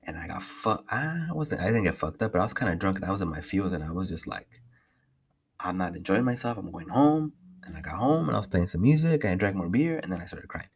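Deep husky young man rambling. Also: very animated, fast. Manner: rambling, heavy swearing, many restarts. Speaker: podcast host. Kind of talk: casual solo podcast update.

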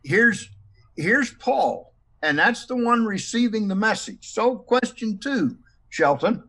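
A man's voice: sits high, fairly bright tone. Man leading a Bible study panel. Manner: poses numbered questions, stresses words when quoting. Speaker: discussion moderator.

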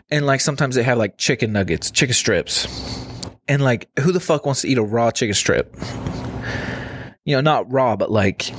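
A young man hosting a podcast, telling casual rambling stories with lots of swearing and mock voices for the people he quotes. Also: no room sound. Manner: profane, rambling, acts out quotes in a higher voice. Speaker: podcast host. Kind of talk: casual storytelling.

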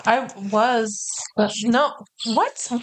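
A woman's voice: a little high, slight background noise. A woman in her thirties, a guest on a podcast, answering in a hesitant, reluctant way in casual chat. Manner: hesitant, reluctant, halting with fillers.

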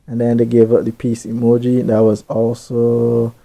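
Young man, host, dark mellow voice, mid pitch, laid-back, chatty. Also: completely flat delivery, moderate pace, vocal fry. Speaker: host reading listener shout-outs. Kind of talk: casual chat.

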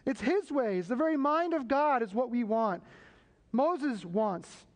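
A man preaching a sermon, building emphasis and tossing quick asides to the congregation. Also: very high-pitched, expressive. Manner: preaching with rising emphasis and repeated call-and-response asides. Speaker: pastor. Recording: long hall reverb.

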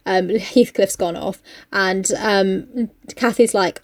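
A woman's voice: mid-range voice, fairly even intonation, unhurried, dry recording, clean studio sound. A young woman who casually recaps a book, chatty and sweary, with lots of fillers. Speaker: podcast co-host.

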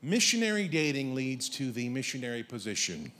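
A man preaching a sermon as pastor, emphatic and comic, breaking into shouted lines. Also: mid-range voice, very animated, fairly quick.

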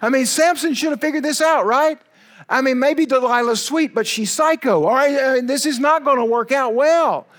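A male pastor preaching a sermon in an animated storytelling way, with emphatic asides to his listeners. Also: extremely high pitch, moderate pace.

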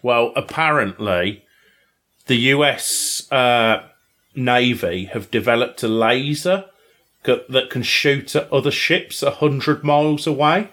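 Young guy on a podcast, chatty and teasing, lots of "isn't it" tag questions, mid pitch. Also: slow pace, a bit bright. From Britain. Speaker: podcast co-host. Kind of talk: casual banter.

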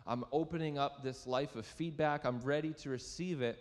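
A young pastor with a fairly high-pitched voice preaches at a moderate pace in a large church sanctuary. His sermon is relaxed and personal, a self-deprecating story punctuated by questions to the congregation.

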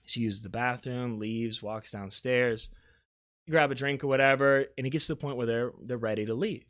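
A man from South Carolina hosting a podcast and telling a spooky story in casual chat, animated, swinging between loud and hushed. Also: medium pitch, normal speed. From Beaufort, South Carolina. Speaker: podcast host.

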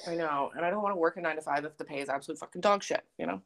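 A young woman co-hosting a podcast over a remote call, joking deadpan and swearing casually. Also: deep voice, racing, crowd noise. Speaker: podcast co-host. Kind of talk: casual chat.

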